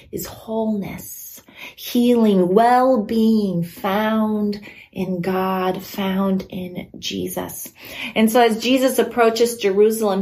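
Slow, measured woman preaching a sermon. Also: mid-range voice, darkish tone, low-quality recording. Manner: slow, measured teaching with repeated phrases.

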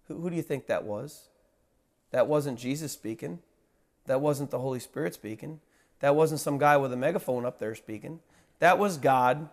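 A pastor with a fairly high voice preaches a sermon, reading scripture and building to emphatic rises before dropping to a quiet hush. A long reverb tail follows his words.

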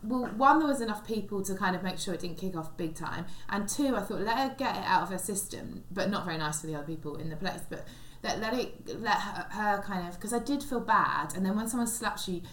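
Talking at a slightly fast clip with hardly any pauses, this young woman's medium-pitched voice has lively intonation. She's a stand-up comedian and podcast co-host, casually spinning a long, rambling story with frequent restarts, in an echoey room with faint background noise.

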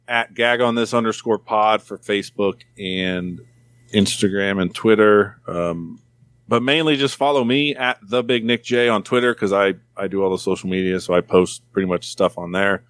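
A man's voice: fairly low pitch, moderate pace, a bit bright, clear, resonant tone, dry recording. A man guesting on a podcast in casual chat, blunt and profane, rambling through anecdotes. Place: California.

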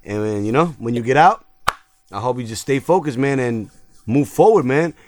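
A man's voice: mid-range voice, lively intonation, moderate pace, a little mellow. A young man hosting a podcast in laid-back casual chat, full of slang and restarts. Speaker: podcast host.

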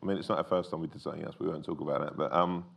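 A man's voice: extremely low pitch, rapid-fire, creaky. A comedian in a casual interview, telling anecdotes and acting out other people's voices as he goes. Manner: animated storyteller who acts out quoted voices. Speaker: comedian guest.

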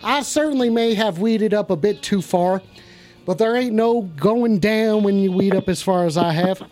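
A man's voice: sits high, normal speed, darkish tone, faint music behind. A man hosting a comic call-in show on a stream, brash and profane, hyping the segments like an announcer. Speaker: host of a joke call-in show.

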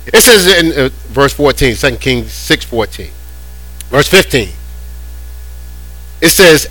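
Animated, bright-voiced male preacher. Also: mid-range voice, slow pace, long pauses, low-quality recording. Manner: animated, conversational preaching with repeated words. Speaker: pastor. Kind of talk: sermon.

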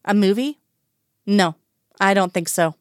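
A woman's voice: mid-range voice, measured pace, no echo, clean studio sound, natural voice. A woman reading the part of a seriously ill doctor, tired and guarded, answering in short clipped lines. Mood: dismissive.

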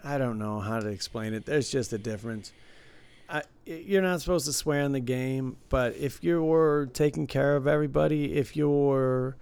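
A man's voice: medium pitch, moderate pace, gravelly, darkish tone, smooth, no room sound. A man in casual chat who talks with a foul mouth and poses hypothetical questions.

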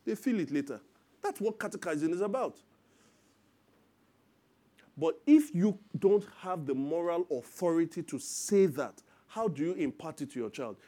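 A man in his thirties preaching a sermon as pastor, lively and acting out parents and children in quoted voices. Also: fairly high pitch, normal speed.

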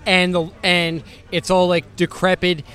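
A man's voice: high-pitched, level tone, measured pace, a bit bright, smooth, faint music behind. A man hosting a podcast from a restaurant table, chatting casually and rambling with many fillers. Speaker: podcast host. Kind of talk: casual chat.

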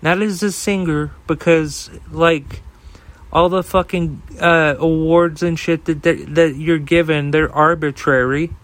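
A man's voice: a little high, low-quality recording. A man hosting a podcast alone, ranting in a heated, profane way, with fillers and repeated starts. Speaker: podcast host. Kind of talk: casual solo rant.

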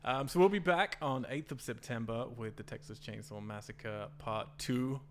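A man hosting a casual podcast chat, relaxed and laughing often, with many fillers. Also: mid-range voice, moderate pace. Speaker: podcast host.

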